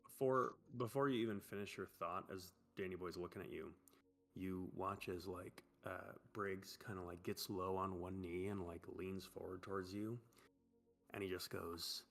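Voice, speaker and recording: A man's voice: deep voice, steady tone, moderate pace, gravelly, fairly bright tone. A man acting as game master, narrating a tabletop game in a rambling, loose way full of fillers.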